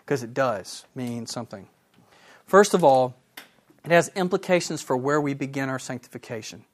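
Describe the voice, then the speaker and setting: A man teaching a Bible lesson, enthusiastic and animated, asking his listeners questions. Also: medium pitch, normal speed. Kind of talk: sermon.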